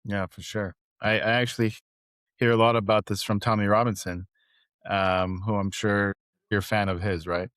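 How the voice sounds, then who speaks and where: A man's voice: fairly low pitch, level tone, normal speed, fairly bright tone, dry recording, studio quality. A man hosting an interview, asking casual questions. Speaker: host. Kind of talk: conversational interview.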